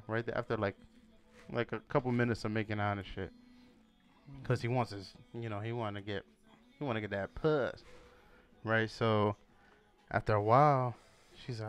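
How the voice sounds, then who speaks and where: A man's voice: lowish voice, moderate pace, pauses often, clear, resonant tone. A young man co-hosting a podcast, telling a crude story in casual chat, acting out voices and laughing often. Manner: animated, profane, laughs often, acts out voices. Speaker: podcast co-host.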